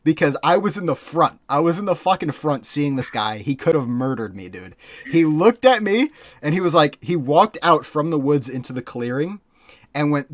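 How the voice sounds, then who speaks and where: A man's voice: a little high, big pitch swings, moderate pace, no echo, clean studio sound. A young man co-hosting a podcast and telling a story in a casual, rambling way, swearing a lot and filling his talk with "like" and "dude". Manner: profane, rambling, full of fillers. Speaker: podcast co-host.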